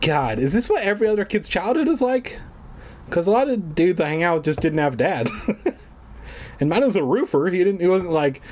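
A man's voice: high-pitched, animated, moderate pace, darkish tone. Young guy reading a kids' book for laughs, swearing and snarking, voice swinging up and down a lot. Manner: sarcastic, profane, rambling. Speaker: host reading a book aloud. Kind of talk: comedic reading with asides.

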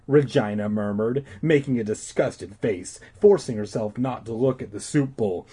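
A man's voice: medium pitch, a little slow, few pauses, dark tone, husky. A man casually reading a children's book aloud, irreverent, stumbling and correcting himself. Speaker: reader.

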